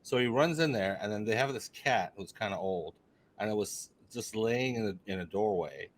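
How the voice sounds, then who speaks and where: A man on a podcast telling a story in casual chat, animated and teasing, often restarting his sentences. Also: fairly low pitch, moderate pace. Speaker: podcast co-host.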